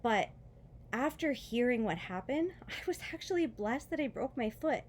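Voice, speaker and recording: A woman telling a personal faith story in a casual vlog, emotional and close to tears, rambling with fillers and soft laughs. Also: a little high, lively intonation, normal speed, slight background noise. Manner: emotional, near tears, laughing softly between words; rambling with many fillers and restarts. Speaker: vlogger.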